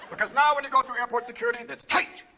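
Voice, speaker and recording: A man performing live stand-up comedy, manic and shouting, jumping between quick impressions. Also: very high voice, steady tone. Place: theater stage. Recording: live theater with a laughing audience and noise.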